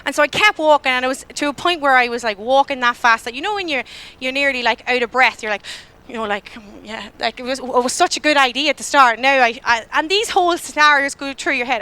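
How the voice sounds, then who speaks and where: Irish girl in her 20s telling a story at church, bright and high, acts out her own panic. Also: fast talker, clean tone. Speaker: church speaker. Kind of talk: storytelling sermon.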